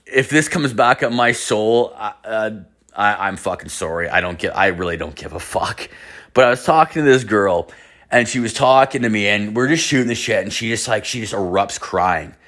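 A man's voice: fairly low pitch, lively intonation, normal speed, a bit bright. A man hosting a podcast, telling rambling stories in casual, profane slang. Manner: rambling, swears constantly, slangy. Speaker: podcast host.

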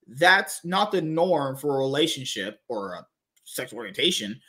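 A man's voice: medium pitch, very animated, moderate pace, bright, forceful tone. A man hosting a podcast, talking in a blunt, crude, sarcastic way and swearing often. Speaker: podcast host. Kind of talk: casual podcast chat.

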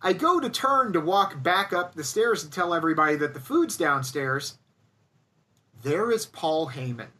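A man's voice: a little high, animated, normal speed, pushed and bright, far from the mic. A young man casually telling a funny story, animatedly acting out other people's lines. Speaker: storyteller guest. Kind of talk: casual anecdote on a podcast.

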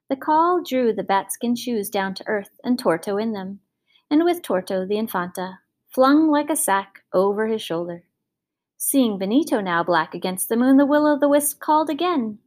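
A woman narrating a storybook fairy tale in an expressive, measured reading. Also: mid-range voice.

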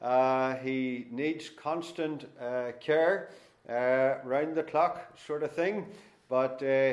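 A middle-aged Northern Irish man speaking as a guest preacher, with a voice that sits at an ordinary middle pitch. He talks in a homely, folksy manner with gentle self-deprecating humour. He eases into the sermon and the scripture reading at a relaxed, conversational pace. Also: extremely slow, echoey room. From Northern Ireland. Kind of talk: sermon introduction and Bible reading.

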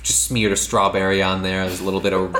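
A man's voice: low voice, level tone, fast, a bit bright, reverberant, a little hiss or hum. A man co-hosting a casual movie podcast, joking and laughing often. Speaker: podcast co-host. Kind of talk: casual movie review chat.

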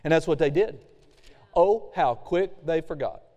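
A male pastor delivers a relaxed, conversational sermon, reading scripture and voicing the people's complaints for effect. His voice is mellow and sits a little high for a man. It carries the long reverb of a large hall. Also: a little slow, lo-fi sound. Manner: casual preaching with reading aloud and acted-out quotes.

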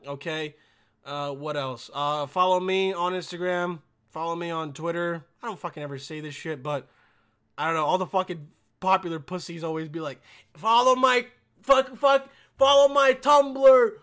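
A young man hosting a podcast in a casual, rambling monologue, swearing constantly and swinging between mumbles and loud outbursts. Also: on the high side. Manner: profane, rambling, jokey. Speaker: podcast host.

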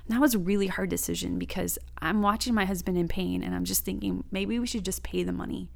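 Earnest woman with a gravelly voice. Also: lowish voice, steady tone, fast talker. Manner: earnest, emphatic, sharing a faith story. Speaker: Christian speaker. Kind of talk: personal testimony and teaching.

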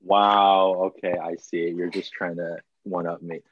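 A man's voice: low-pitched, flat delivery, a little slow. Joking young man on a dull video call. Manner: joking, rambling with many fillers. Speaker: podcast co-host. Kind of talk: casual chat.

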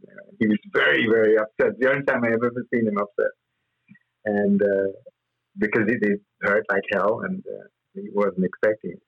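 A man's voice: fairly low pitch, steady tone, normal speed, gravelly, husky, lo-fi sound. A man as interview guest, telling rambling stories with frequent laughs and fillers. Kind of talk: anecdotal interview storytelling.

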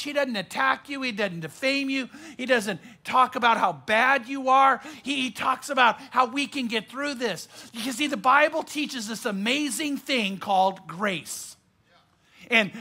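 Male pastor, high bright voice, emphatic sermon delivery with repetition. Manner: emphatic preaching with dramatic pauses and repetition.

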